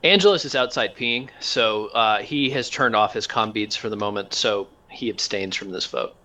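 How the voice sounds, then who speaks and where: A man narrating as game master, talking in a halting way with many fillers. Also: fairly low pitch, bright, forceful tone, a little hiss or hum.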